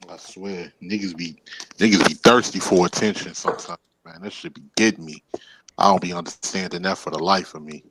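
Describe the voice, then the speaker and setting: A man with a fairly low voice joining a casual podcast conversation. He talks in an agreeable, easy way and swears now and then. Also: fairly even intonation, brisk, fairly bright tone, slight background noise, poor audio. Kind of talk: casual chat.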